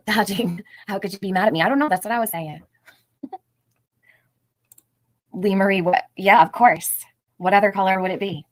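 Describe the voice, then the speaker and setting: A woman's voice: mid-range voice, normal speed, long pauses, a bit bright, no echo, low-quality recording. A middle-aged woman hosting a casual livestream, chatting, greeting viewers by name and laughing often. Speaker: livestream host.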